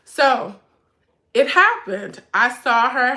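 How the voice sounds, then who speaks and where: Middle-aged woman, livestream host, bright and forward tone, chatty with viewers and holding back tears. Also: mid-range voice, lively intonation, takes it slowly. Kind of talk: emotional casual livestream chat.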